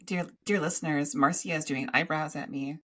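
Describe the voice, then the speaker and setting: Low-voiced woman chatting on a podcast. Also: steady tone, sharp tone. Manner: rambling, halting, with many restarts. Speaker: podcast co-host. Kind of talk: casual podcast chat.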